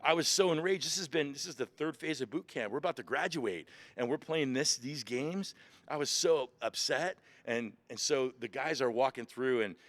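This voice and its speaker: A man recounting his Marine boot camp experience as a podcast guest, animated and emotional, acting out shouted orders. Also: mid-range voice, normal speed, no room sound. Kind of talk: emotional storytelling. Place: museum.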